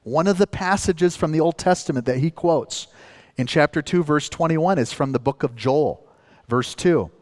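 A man's voice: fairly high pitch, moderate pace, darkish tone, big-room sound. A man from northern Minnesota preaching a sermon as pastor, earnest and building up to emphatic points.

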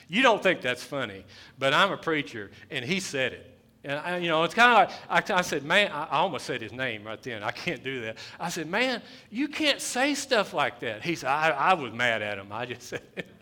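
A man preaching a sermon in church, his voice bright and a touch higher than most men. He repeats key phrases for weight and builds to loud, pressing bursts before dropping back down. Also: big pitch swings, normal speed. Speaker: pastor. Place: church sanctuary.

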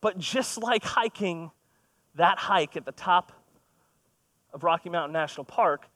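A man's voice: high-pitched, unhurried, fairly bright tone, dry recording. A man in his thirties preaching a sermon in a conversational, storytelling way, with self-deprecating humor. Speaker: pastor. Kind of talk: sermon with personal stories.

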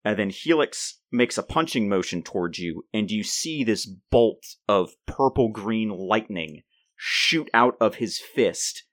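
A man's voice: lowish voice, lively intonation, a bit bright, dry recording, studio quality. A man running a tabletop role-playing game as game master, narrating the action with frequent restarts. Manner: halting, restarts often while describing.

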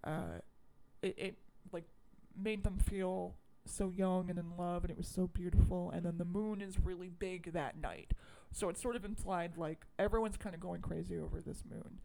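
Woman cohost, creaky voice, lots of likes and ums, animated film chat. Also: lowish voice, moderate pace, few pauses, a little hiss or hum. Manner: rambling and animated, lots of fillers, swears. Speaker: podcast co-host. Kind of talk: casual chat recapping a film.

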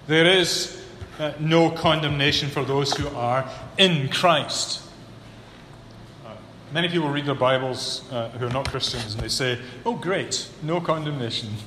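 A man preaching a sermon, building to emphatic peaks and then dropping low and earnest. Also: a little slow, bright, forceful tone. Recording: echoey hall with long reverb, faint room hum.

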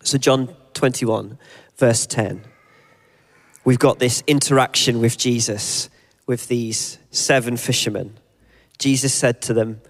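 Male preacher, mid-pitched, thoughtful sermon delivery with readings. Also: steady tone. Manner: reflective, reads scripture and story aloud, slows for emphasis.

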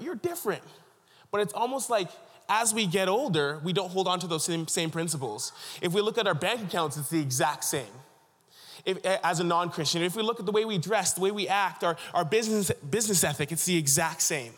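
A man's voice: high-pitched, a little fast, fairly bright tone, in a large hall. A man from Ontario preaching a sermon as a pastor, telling stories earnestly with frequent restarts. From Canada (Ontario).

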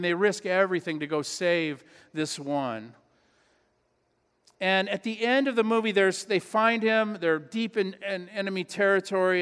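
A man's voice: sits high, a bit bright, smooth. A pastor preaching a sermon in his church, earnest and emphatic, repeating key phrases. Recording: long hall reverb.

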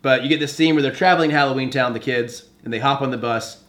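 A man's voice: mid-range voice, fast talker, fairly bright tone. A man hosting a casual movie-review podcast, talking animatedly and acting out quoted lines as he recaps scenes. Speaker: podcast host.

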